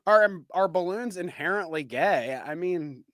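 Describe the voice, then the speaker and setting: A man co-hosting a live podcast, talking casually in a crude, animated way and laughing often. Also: high-pitched, normal speed, no room sound, studio quality. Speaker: podcast co-host. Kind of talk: casual live-stream chat.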